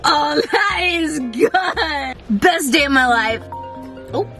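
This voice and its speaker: A woman's voice: sits high, takes it slowly, soft background music. A young woman telling funny stories to camera with lots of giggling. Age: young adult. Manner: giggly, animated. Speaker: TikTok creator. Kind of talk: comedic storytime to camera.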